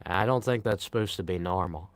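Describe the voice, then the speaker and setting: A man's voice: sits low, fast, dry recording. A young man from Pennsylvania with a Pennsylvania accent, rambling casually on a live stream and reading the chat aloud. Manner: rambling, self-deprecating, reads chat aloud.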